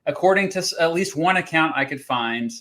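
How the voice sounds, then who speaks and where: A man's voice: on the high side, expressive, brisk, fairly bright tone. A man hosting a casual livestream chat, talking in a chatty, hesitant way and laughing often. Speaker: host.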